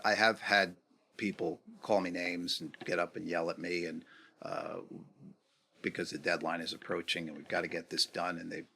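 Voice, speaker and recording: A man in his fifties, a guest on a podcast interview, talking reflectively and acting out quoted dialogue with lively swings in pitch. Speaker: guest, negotiation executive.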